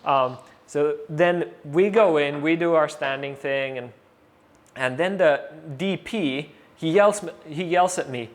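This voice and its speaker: Male guest, somewhat high voice, animated storyteller who acts out the people in his story. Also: slow. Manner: animated, acts out quoted voices, many fillers. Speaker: interview guest. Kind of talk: casual storytelling.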